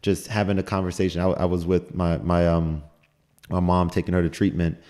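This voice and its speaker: Deep-voiced young man rambling casually. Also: level tone, brisk, darkish tone. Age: young adult. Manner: rambling, repeats words, laughs while telling stories. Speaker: podcast guest. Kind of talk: casual podcast chat.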